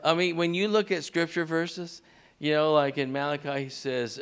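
Animated man preaching a sermon. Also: normal speed, clear, resonant tone. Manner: call-and-response preaching, asks the congregation to repeat; animated, swings pitch up on key words. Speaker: pastor.

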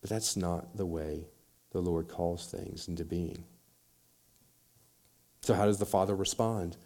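A man's voice: deep voice, fairly even intonation, measured pace, a little mellow. A man preaching a sermon, acting out quoted voices and building in intensity as he makes his points. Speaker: pastor.

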